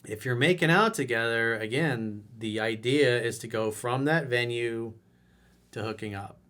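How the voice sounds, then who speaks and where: A man's voice: mid-range voice, a little slow, bright, forceful tone. A man who coaches people on dating, reading out a viewer letter and answering it in a blunt, mocking way.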